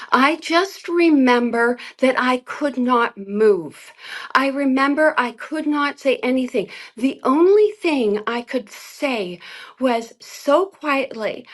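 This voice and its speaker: A woman giving an emotional personal testimony as an interview guest, talking earnestly and haltingly with many fillers. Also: on the high side.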